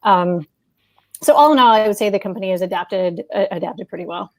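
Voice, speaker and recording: An American woman talks as a guest on a remote video call, chatty and lively, laughing often. Her voice sits in a middle range and sounds dry and close, with no room around it. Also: medium pitch, brisk, no echo. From United States. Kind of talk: casual video-call chat.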